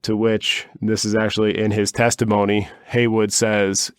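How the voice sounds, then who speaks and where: Male podcast co-host, low-pitched, wry and rambling storyteller, dry close recording. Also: flat delivery, normal speed, few pauses, clear, resonant tone, no echo. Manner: rambling and wry, with many fillers and asides. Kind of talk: casual storytelling chat.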